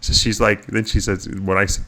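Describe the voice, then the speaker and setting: Low, bright-voiced man telling rambling stories. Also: flat delivery, moderate pace. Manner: rambling, restarts often, chuckles through stories. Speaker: podcast co-host. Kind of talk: casual storytelling chat.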